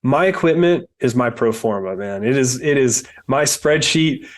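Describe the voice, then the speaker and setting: A man's voice: mid-range voice, animated, normal speed. A man who invests in real estate, speaking as a podcast guest in an earnest, reflective way with many fillers. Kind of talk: interview podcast.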